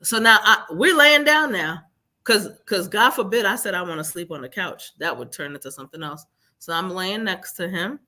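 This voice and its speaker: A woman guest telling her own story in a live interview, animated and acting out what others said. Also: on the low side, brisk.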